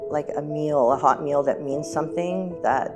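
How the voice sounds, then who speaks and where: A woman who was formerly homeless, a shelter client, speaking slowly and deliberately with gratitude in a documentary interview. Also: deep voice, over music.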